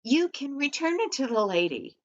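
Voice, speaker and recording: A woman's voice: sits high, sing-song, normal speed, voice pushed up. A woman voicing a friendly, helpful male police officer who talks in a hearty, eager way. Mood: cheerful. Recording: dull lo-fi recording.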